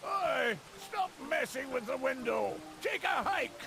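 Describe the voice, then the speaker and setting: An actor voicing a rude, grumpy male wood dwarf who shouts and cackles, in a video game. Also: very high-pitched, expressive, slow pace, gravelly, noisy background, full character voice.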